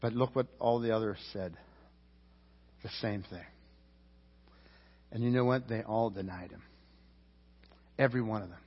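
A man preaching a sermon as pastor, emphatic, swinging from loud climbs to low quiet drops. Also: moderate pace, pauses often. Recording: roomy church hall, dull lo-fi sound.

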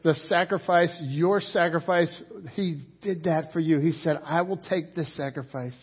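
High-voiced man preaching with passion. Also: a little slow, breathy edge, highs cut off. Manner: passionate preaching, rising and falling in intensity, with repeated words. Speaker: pastor. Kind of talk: sermon.

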